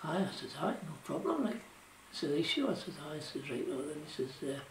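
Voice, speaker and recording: An older former shipwright from South Shields reminisces in an oral history interview, his Geordie dialect casual and rambling, thick with "you know" and "like." His voice is fairly high, sing-song, and a little fast. He is far from the mic and off-mic, with a roomy echo and a little hiss or hum.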